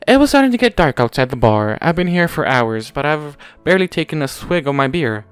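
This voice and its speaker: A man's voice: on the high side, sing-song, fairly quick, clear, resonant tone, no room sound. A man casually reading a first-person story aloud, offhand and unpolished, leaving his slips and restarts in. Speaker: fanfiction reader.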